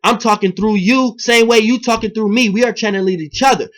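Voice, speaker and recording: A man, delivering a rambling, profane spiritual monologue to his viewers, alternating loud emphatic bursts with low muttering. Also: fairly quick. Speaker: video blogger.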